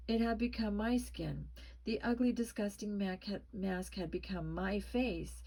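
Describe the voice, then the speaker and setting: A woman narrating a spooky children's story with a tense, expressive reading. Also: medium pitch, low-quality recording. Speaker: storybook reader.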